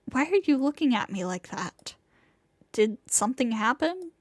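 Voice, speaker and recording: A woman's voice: a little high, very animated, normal speed, dry recording, studio quality. Woman reading as a flustered young man narrator. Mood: bewildered. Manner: bewildered, rambling inner monologue.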